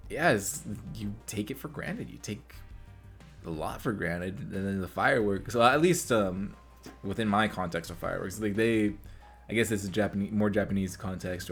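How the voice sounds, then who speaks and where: A man hosting an anime reaction video, talking in a rambling, excitable way with many restarts. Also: low voice, moderate pace, soft background music. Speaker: reaction channel host. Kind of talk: casual anime reaction commentary. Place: home room lit by reaction lamps.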